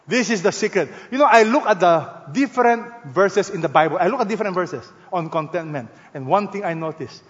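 A man preaching a sermon as pastor, leaning hard on stressed words and swinging between loud emphasis and hushed, slow phrases. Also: high voice, long reverb tail, highs cut off.

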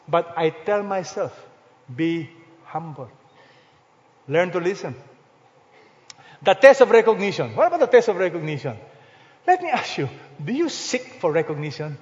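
A Filipino-accented man preaches from the pulpit in a notably high voice, pressing his listeners with one pointed question after another. He jumps from loud, stressed words to near-hushed lines. The sound is dull and lo-fi, with a long reverb tail from a large church hall. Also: expressive, moderate pace. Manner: emphatic rhetorical questions, swings between loud and hushed. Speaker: pastor. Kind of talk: sermon.

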